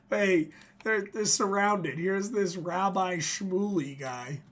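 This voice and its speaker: A man's voice: sits high, drawn-out words, a bit bright. A man hosting a livestream, giving profane, casual commentary and laughing often between remarks. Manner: swears freely, laughs often. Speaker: livestream host.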